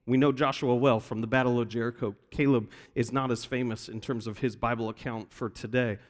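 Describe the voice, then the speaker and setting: A man's voice: medium pitch, fairly even intonation, a little fast. A male pastor giving a sermon in a church, telling the story with animation and acting out the quoted voices. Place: church sanctuary. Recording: long reverb of a large hall.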